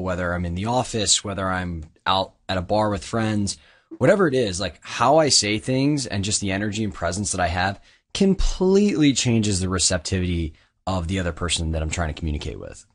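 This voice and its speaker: A man's voice: deep voice, animated, a little fast. Eager man asking rambling questions. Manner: enthusiastic, rambling questions with fillers. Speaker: podcast host. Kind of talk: podcast interview.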